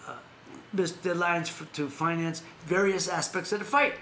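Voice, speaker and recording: Rambling man with a higher voice. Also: normal speed, pushed and bright, echoey room, a little hiss or hum. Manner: rambling, self-correcting, laughs often. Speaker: host. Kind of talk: casual boxing news chat.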